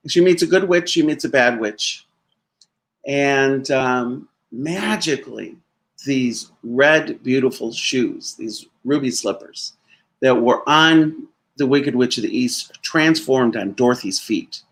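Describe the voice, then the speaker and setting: A man's voice: medium pitch, takes it slowly. A man giving a sermon as a minister, telling a story conversationally and laughing now and then.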